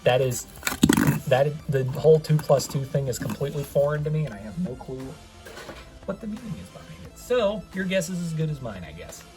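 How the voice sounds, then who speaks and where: A man's voice: a little high, animated, fairly quick, music in the background. A young man hosting a casual toy car unboxing review, chatty and rambling with self-mocking asides.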